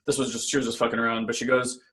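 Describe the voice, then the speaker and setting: A man's voice: medium pitch, level tone, very fast, a bit bright. A man co-hosting a casual spiritual self-help talk, earnest and conversational, often checking in with "right?". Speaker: podcast co-host.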